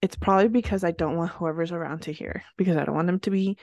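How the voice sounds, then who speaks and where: A woman co-hosting a casual podcast chat, talking quickly and expressively and laughing often. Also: fairly low pitch, a little mellow, no echo, clean studio sound. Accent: slight Latina accent at times. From Latina, grew up bilingual in Spanish and English. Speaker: podcast co-host.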